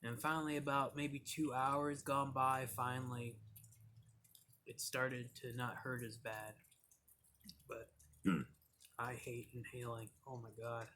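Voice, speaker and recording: A man's voice: medium pitch, little pitch movement, slow, long pauses, bright, forceful tone, a little hiss or hum. A young man from Michigan reviewing cigars and telling loose stories, rambling with lots of "like" and "you know". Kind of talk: casual storytelling vlog.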